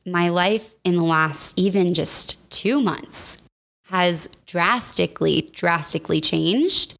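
A woman's voice: fairly low pitch, takes it slowly, gravelly, a bit bright. A young woman hosting a podcast, talking candidly and casually, full of "like" and "y'all". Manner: chatty, candid, uses "like" and "y'all" a lot. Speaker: podcast host. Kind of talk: casual personal podcast talk.

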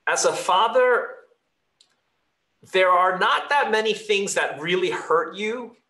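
Male pastor, sermon, conversational and earnest, slightly high, roomy church hall sound. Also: sharp tone. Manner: conversational, earnest, fillers and restarts. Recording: echoey room.

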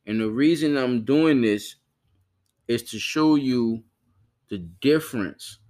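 A man's voice: mid-range voice, takes it slowly, a little mellow. Loose, profane podcast host man. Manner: loose, profane, repeats himself to listeners. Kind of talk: casual chat.

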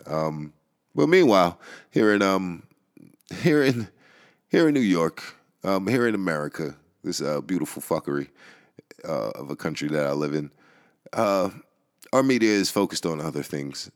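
A man's voice: extremely low pitch, lively intonation, unhurried, pauses often. A man hosting a podcast, ranting casually, laughing often and swearing as he rambles. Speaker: podcast host. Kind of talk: casual rant. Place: New York.

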